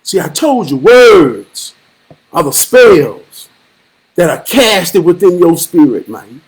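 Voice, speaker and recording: A man hosting a live stream, giving a profane, preachy monologue with rhythmic repetition and occasional shouted bursts. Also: sits high, big pitch swings, takes it slowly. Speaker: livestream host.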